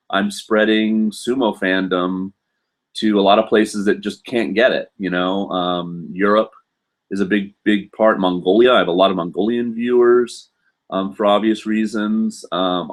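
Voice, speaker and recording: A man with a slightly low voice hosts a live stream from his computer and chats through viewer questions. He rambles loosely and fills every pause with ums and you-knows. It sounds relaxed and off the cuff. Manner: rambling, filler-heavy, chatty. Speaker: host.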